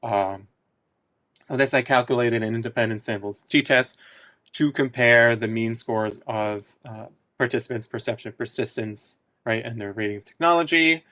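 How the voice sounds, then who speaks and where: A man's voice: medium pitch, moderate pace, pushed and bright, dry recording. Guy presenting his research findings, lots of ums and restarts, dry sound. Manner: hesitant, many fillers and restarts. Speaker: student researcher presenting a study.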